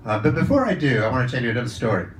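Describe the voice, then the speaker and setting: A man's voice: medium pitch, very animated, rapid-fire, reverberant, far from the mic, a little hiss or hum, low-quality recording. A man speaking as a psychologist and coach to a live audience, telling stories in a chatty way with frequent restarts. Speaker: psychologist and coach giving a talk. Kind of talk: live talk to an audience with anecdotes. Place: event room with a live audience. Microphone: handheld or lapel mic.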